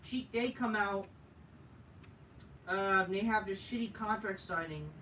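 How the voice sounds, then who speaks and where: A man rants through a wrestling review, profane and dismissive, stumbling over restarts. His voice is bright and forceful. The sound is roomy, with the mic set a little away from him and faint noise underneath. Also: sits high, slow pace, distant mic.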